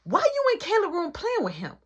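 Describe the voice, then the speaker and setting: A woman voicing a stern mother who scolds her kids in rapid-fire orders. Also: very high voice, huge pitch swings, pitched above the performer's own voice, full character voice. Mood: scolding.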